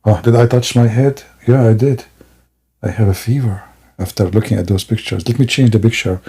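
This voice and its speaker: Gravelly, husky man mocking on a stream. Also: lowish voice, brisk, mellow. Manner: sarcastic, rambling, laughs at own jokes. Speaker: livestream host. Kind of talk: mocking comedic commentary.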